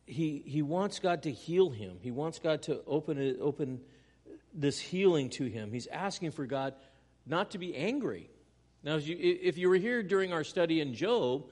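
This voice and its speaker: A man preaching a sermon, earnest, moving between loud emphatic lines and quiet, hushed ones. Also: fairly high pitch, in a large hall. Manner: earnest preaching with dramatic swings in volume. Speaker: pastor.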